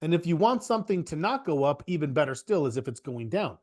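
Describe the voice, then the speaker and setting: Man, options instructor, casual online class, joking, chatty, slightly high voice. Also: big pitch swings, fast talker, a little mellow. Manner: joking, chatty, rambling asides.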